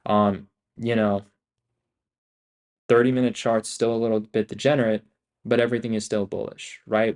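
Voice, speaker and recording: A man's voice: fairly low pitch, little pitch movement, normal speed, creaky, darkish tone. A young man giving live trading commentary, talking in restless, profane, slangy bursts as he thinks aloud. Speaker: day-trading streamer.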